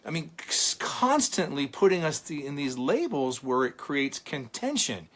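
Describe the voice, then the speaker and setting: A man's voice: a little high, sing-song, fairly bright tone. Earnest middle-aged man telling a story. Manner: storytelling, earnest, dramatic pauses. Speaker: motivational speaker. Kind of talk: inspirational church talk.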